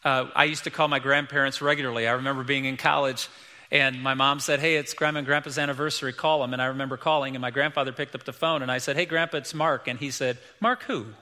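Bright-voiced man preaching in a hall. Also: medium pitch, flat delivery, fast talker. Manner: emphatic, repeats key lines, acts out quoted voices. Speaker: pastor. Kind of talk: sermon.

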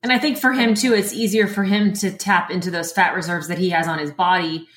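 A woman guest in a casual interview, talking in an animated way and often laughing as she explains. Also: fairly low pitch, a little fast, reverberant.

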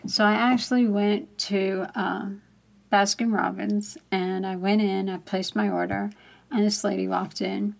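A woman's voice: medium pitch, little pitch movement, a little slow, gravelly. A woman telling a candid personal story in a chatty manner, laughing often as she talks.

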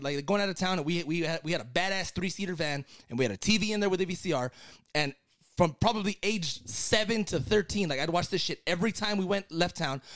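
A young man co-hosting a podcast, talking excitedly and rambling, with lots of restarts and swearing. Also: high-pitched, no echo. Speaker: podcast co-host. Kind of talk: casual podcast segment.

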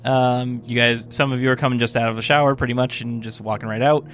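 A man's voice: medium pitch, little pitch movement, fast talker, a bit bright, soft background music. Rambling man running a tabletop game. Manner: rambling, full of fillers and restarts. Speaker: game master.

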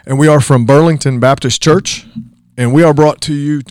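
A man's voice: a little high, fairly even intonation, moderate pace, a little mellow, smooth, dry recording, clean studio sound. A man in his forties co-hosting a casual church podcast, rambling and chatty, laughing often as he tells stories. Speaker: podcast co-host. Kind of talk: casual chat.

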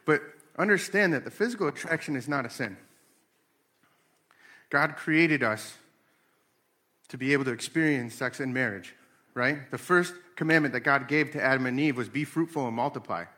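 A man's voice: medium pitch, moderate pace, long pauses. A man in his late thirties talking casually about faith and family, telling stories and acting out voices. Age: 30s. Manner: animated storytelling with acted-out voices.

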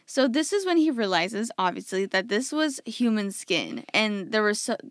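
A woman's voice: medium pitch, very animated, moderate pace, no echo. A young woman hosting a casual true-crime chat, talking loosely and acting out the people in her story. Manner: chatty, acts out people in quotes, lots of "like". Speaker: podcast host.

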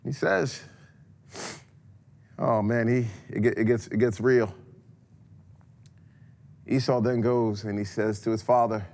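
A man preaching a sermon, telling a scripture story dramatically and swinging between loud passages and hushed ones. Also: mid-range voice, fairly even intonation, slow pace, gravelly, long pauses. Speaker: pastor.

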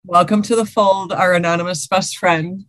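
A woman's voice: lowish voice, steady tone, normal speed, a bit bright, no echo. A woman co-hosting a podcast, chatting casually and reading listener stories aloud with laughs and swearing. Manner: laughing, swearing, repeats herself.

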